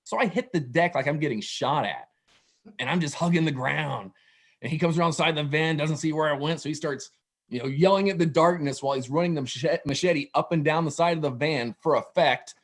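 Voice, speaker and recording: A man telling a wild story for laughs, profane and animated, with laughing asides. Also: fairly high pitch, fairly quick. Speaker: guest storyteller. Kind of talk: comedic storytelling.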